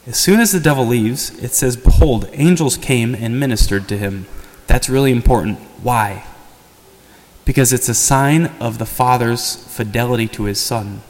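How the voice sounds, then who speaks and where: A man's voice: medium pitch, normal speed, a little mellow. A man preaching a sermon as parish priest, conversational and earnest, often pleading. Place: church. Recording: long church reverb.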